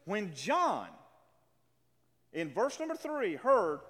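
A man's voice: sits high, sing-song, measured pace, long pauses. A man preaching a sermon, emphatic and full of stammering restarts, reading scripture aloud with drama. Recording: reverberant hall.

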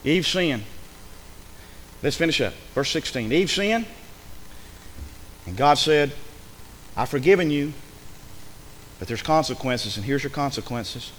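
A man's voice: mid-range voice, fairly bright tone, big-room sound, a little hiss or hum, rough recording. A male pastor, preaching a sermon emphatically and acting out the voices of the people he quotes. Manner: emphatic, acts out quoted speakers. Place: church sanctuary.

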